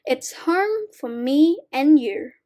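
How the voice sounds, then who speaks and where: Woman teacher, high voice, very slow and clear, reading sight word poems to young kids. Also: animated, mellow.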